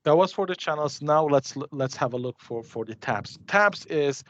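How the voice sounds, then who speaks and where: Man demoing software, dull audio. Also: medium pitch, dry recording. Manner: chatty, restarts and hesitates while clicking through a demo. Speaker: conference presenter. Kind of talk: live software demo.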